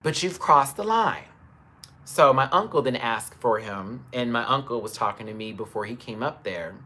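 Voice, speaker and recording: A man's voice: mid-range voice, lively intonation, normal speed, bright, forceful tone. A man telling a story on a live stream into a phone camera, emphatic and swearing as he retells it in detail. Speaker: livestreamer.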